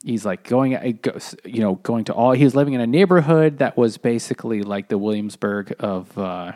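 A man's voice: medium pitch, expressive, moderate pace, mellow. A man co-hosting a casual book chat over beers, retelling a plot in a rambling, profane way. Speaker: podcast co-host.

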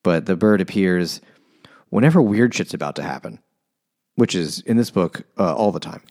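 A man with a very low voice recaps a book plot in a relaxed way. He drops dry, profane jokes as he goes. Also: normal speed, no echo. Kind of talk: casual book discussion.

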